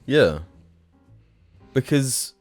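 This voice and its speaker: A man's voice: medium pitch, big pitch swings, very slow, darkish tone, soft background music. A man co-hosting a podcast, chatting casually with laid-back, agreeable asides. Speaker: podcast co-host. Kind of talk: casual chat.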